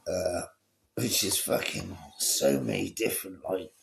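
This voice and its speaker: A man's voice: deep voice, fairly even intonation, measured pace, creaky, a little hiss or hum. A man delivering a profane, exasperated ranting monologue, often pleading with his listeners. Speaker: video creator.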